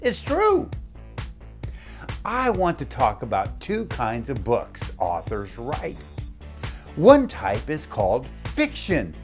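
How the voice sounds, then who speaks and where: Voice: mid-range voice, wildly swooping pitch, slow pace, soft background music. An encouraging teacher reading a picture book aloud to young children, stopping to ask them to repeat new words. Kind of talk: interactive read-aloud lesson for young children.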